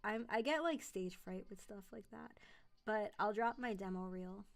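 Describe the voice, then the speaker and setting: A woman's voice: mid-range voice, a little slow, gravelly. A young woman chatting casually on a live stream, rambling, with many fillers and self-corrections. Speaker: streamer and narrator.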